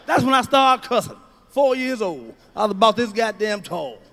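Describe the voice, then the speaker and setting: High-pitched comic guy, loud and cussing, bright edgy voice. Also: lively intonation, normal speed. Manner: loud, profane, storytelling with shouts. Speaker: stand-up comedian. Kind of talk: stand-up comedy routine.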